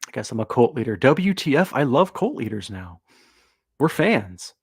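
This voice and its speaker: A man's voice: mid-range voice, very animated, normal speed, slightly rough, no room sound, clean studio sound. A man hosting a livestream, commenting casually in a sarcastic, joking way and now and then putting on mock voices. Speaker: host of a livestream.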